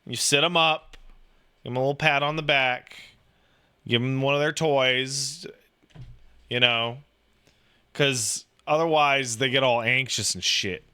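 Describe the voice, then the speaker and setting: Bright-voiced man in rambling profane chat. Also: medium pitch, a little slow, long pauses, clean tone. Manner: profane, rambling, animated storytelling with acted-out quotes; filler-heavy, says "like" constantly. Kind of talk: casual chat.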